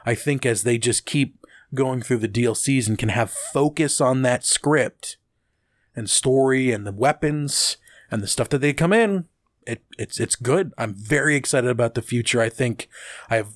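A man co-hosting a casual gaming podcast, talking enthusiastically and quickly. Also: medium pitch, no room sound, studio quality. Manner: enthusiastic, quick, restarts often. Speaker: podcast co-host.

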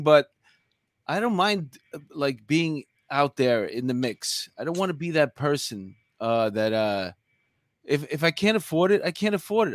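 New york dude, heavy accent, slightly high voice, chatty, laughs a lot, dry close mic. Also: male voice, no room sound. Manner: chatty, laughs easily, many fillers. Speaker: co-host. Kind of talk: casual podcast chat.

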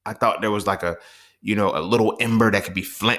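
A man's voice: lowish voice, a little fast, fairly bright tone. A young man hosting a solo podcast, talking in a heated, profane, exasperated rant. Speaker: podcast host. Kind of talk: casual solo podcast monologue.

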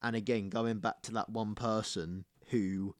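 A man's voice: fairly low pitch, fairly even intonation, measured pace, no room sound. Young guy ranting bluntly on a podcast, lots of swearing, dry close sound. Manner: blunt, swears freely, emphatic repetition. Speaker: podcast co-host. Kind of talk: casual podcast chat.

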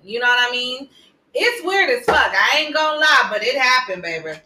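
A woman's voice: high voice, expressive, moderate pace, far from the mic. A woman guest on a casual talk show, chatting frankly and laughing easily. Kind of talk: casual chat. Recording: roomy echo, faint noise.

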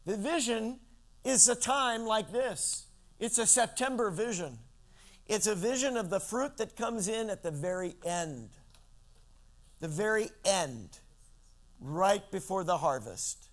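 Man, high-pitched voice, preaching a sermon, from Central California, dramatic rises and drops, asks listeners questions. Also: animated. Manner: dramatic shifts in pitch and loudness, slows for emphasis; addresses listeners directly with questions. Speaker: pastor.

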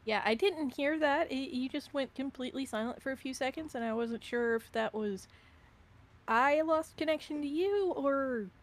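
A woman's voice: high voice, moderate pace. A woman playing in an online tabletop game, hesitant and full of fillers. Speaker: player. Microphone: voice call.

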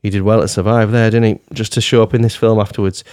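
A man's voice: lowish voice, little pitch movement, quick pace, a little mellow. Jokey man hosting a quiz. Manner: jokey, laughs often, quizzes the others. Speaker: podcast host running a trivia quiz. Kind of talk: casual chat.

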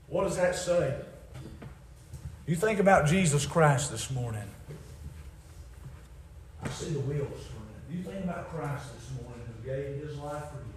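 A male preacher delivers a sermon, swinging from shouted high-pitched exhortation to hushed, tender pleading. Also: expressive, normal speed, pauses often, reverberant, a little hiss or hum.

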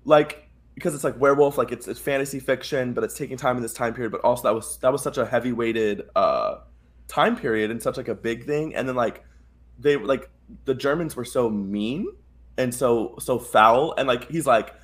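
A man's voice: medium pitch, normal speed. A man co-hosting a casual review podcast, rambling through episode plots and acting out the characters' lines with lots of "like". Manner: rambling, animated, acts out quotes with lots of "like". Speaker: podcast co-host. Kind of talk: casual chat.

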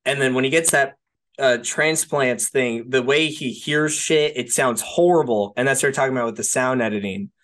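A man's voice: medium pitch, normal speed, a bit bright. A man chats loosely about a movie on a podcast. His sentences wander and restart, and nearly every phrase is padded with "like" or a checking "right?". He drops in a casual curse now and then. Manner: rambling, peppers speech with "like" and "right?"; swears casually. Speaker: podcast co-host. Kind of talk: casual film discussion.

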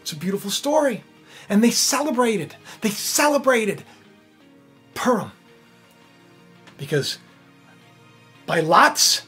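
A woman preaching, telling a Bible story in a lively, conversational way and acting out the characters. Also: on the low side, slightly rough. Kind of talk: animated sermon storytelling.

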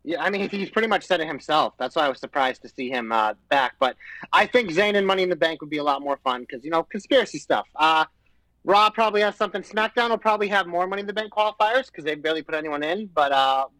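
A man co-hosting a podcast in casual chat, talking in a relaxed, matter-of-fact way. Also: a little high, fast, no echo, rough recording. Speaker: podcast co-host.

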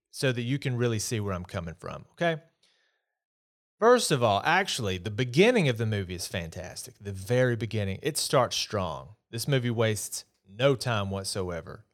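A man hosting a podcast, giving a casual, opinionated solo movie review in a chatty, exasperated way. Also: medium pitch. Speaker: podcast host.

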